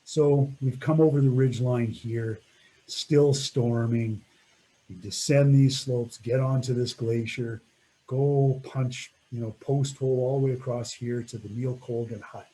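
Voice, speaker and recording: Man, middle-aged, storyteller, reflective and laughing, dark warm tone, standard pitch. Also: fairly even intonation, unhurried, rough recording. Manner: reflective, laughs often, trails off. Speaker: mountaineer telling a climbing story. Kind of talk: storytelling talk over slides.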